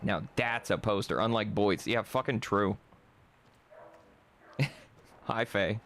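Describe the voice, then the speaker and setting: Low-voiced, swearing game streamer man. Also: slow pace, fairly bright tone, slight background noise. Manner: chatty, swearing, joking. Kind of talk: casual gameplay commentary.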